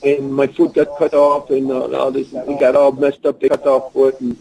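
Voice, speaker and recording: Rambling anecdotes in broken English come from a male phone interview guest with a Russian accent, who uses animated voices for quotes. His medium-pitched voice has vocal fry, moves at normal speed, and is captured in a rough recording.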